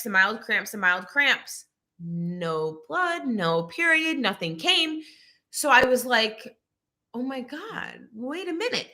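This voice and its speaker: Young woman chatting on her channel, high bright voice, telling her story all animated. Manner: animated storytelling, reads viewer comments aloud. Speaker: channel host. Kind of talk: casual chat.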